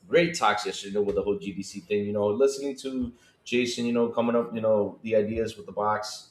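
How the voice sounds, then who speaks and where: A man's voice: fairly quick, few pauses, echoey room. A man co-hosting a gaming podcast livestream, chatting casually and greeting viewers by name. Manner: animated, greets chat by name with big pitch jumps. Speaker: podcast co-host.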